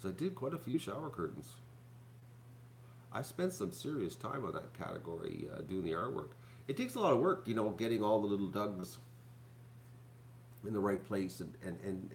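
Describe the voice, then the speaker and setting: A YouTube channel host with a lowish voice and vocal fry chats casually to his viewers at a moderate pace. His talk rambles, full of ums, restarts, and chatty asides, with a faint hum under the recording.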